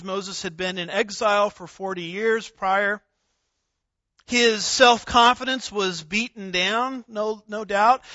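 A man preaching an expository sermon, emphatic and deliberate, stressing single words. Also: high-pitched, bright, forceful tone, no room sound. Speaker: pastor. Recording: dull lo-fi recording.

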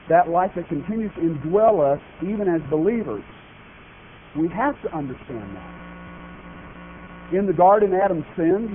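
A man preaching a sermon, speaking emphatically and asking his congregation questions. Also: fairly high pitch. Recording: tinny phone-like broadcast audio with faint noise.

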